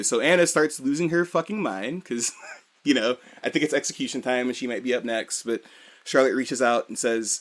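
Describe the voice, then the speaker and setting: A man co-hosting a podcast, recapping a story in relaxed, animated talk and swearing casually. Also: mid-range voice. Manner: animated recap that slips into quick character voices, swears freely. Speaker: podcast co-host. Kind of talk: casual chat.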